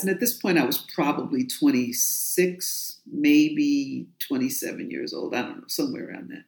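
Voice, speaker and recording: A woman's voice: deep voice, normal speed, hardly any pauses, darkish tone. A woman from New York, an author and guest in an interview, telling her story in a forthright, emphatic way. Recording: roomy echo.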